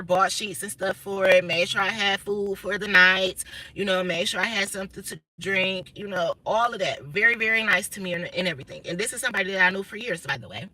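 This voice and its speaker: The audio is low quality as a woman in her 30s talks from a car in a sharp, mid-range voice. She delivers a casual livestream monologue with profanity, bluntness and heavy emphasis.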